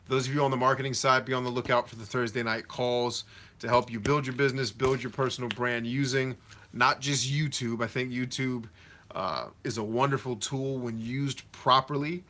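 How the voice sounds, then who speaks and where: A man's voice: medium pitch, fairly even intonation, normal speed, sharp tone. A man hosting a casual livestream Q&A, answering viewers directly in a slangy, motivational coach tone. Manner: reads viewer comments aloud and answers them directly; slangy and conversational. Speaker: host of a live Q&A stream.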